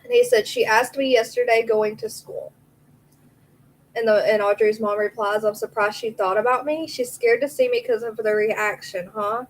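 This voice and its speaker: A woman's voice: fairly high pitch, expressive, normal speed, poor audio. A woman hosting a true crime live stream, chatting casually, answering viewers by name and reading messages aloud.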